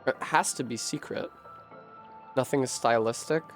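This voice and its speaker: A man's voice: mid-range voice, normal speed, faint music behind. Swearing man puzzling aloud on stream. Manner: profane, puzzling aloud, frustrated. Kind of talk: live-streamed gameplay commentary. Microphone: desk microphone.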